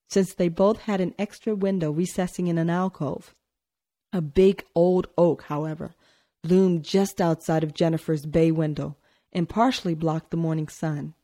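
A woman narrating a novel in a measured storytelling manner. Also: on the low side, mellow. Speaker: audiobook narrator. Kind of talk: scripted narration.

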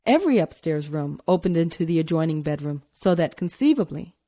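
A woman narrating a novel in a measured storytelling manner. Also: sits low, sing-song, dark tone. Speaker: audiobook narrator. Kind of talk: scripted narration.

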